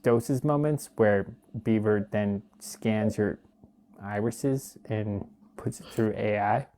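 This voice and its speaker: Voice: medium pitch, takes it slowly, mellow. A livestream host in casual chat, goofy and laughing often, hesitating with many fillers, on a phone mic.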